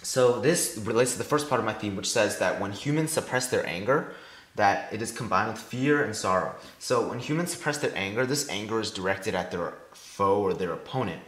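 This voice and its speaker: A man's voice: fairly low pitch, expressive, fairly quick, fairly bright tone. A teenage boy giving a class presentation, explaining step by step and sounding out stressed and unstressed syllables one at a time. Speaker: student presenter. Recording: echoey room with faint music.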